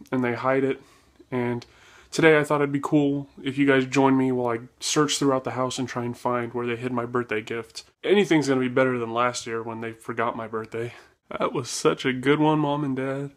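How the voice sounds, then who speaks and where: Man, comedy vlogger, sarcastic, mock-dramatic, at home indoors, mid-pitched voice. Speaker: vlog host. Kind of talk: comedic vlog monologue. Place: his house, indoors.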